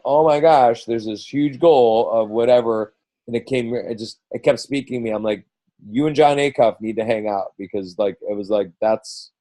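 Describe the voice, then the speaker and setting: Middle-aged male coach on a team call. Dark, mellow tone on a dry close mic. Casual and rambling, with lots of restarts. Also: on the low side, no echo, low-quality recording. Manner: rambling, full of restarts and quoted asides.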